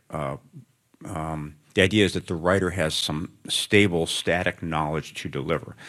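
A man's voice: low-pitched, fairly bright tone. A middle-aged male author speaking thoughtfully in a live on-stage interview before students, rambling with frequent restarts.

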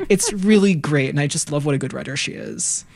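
A woman's voice: sits low, lively intonation, brisk, gravelly, darkish tone. A woman co-hosting a public radio talk show, talking in a thoughtful, enthusiastic way.

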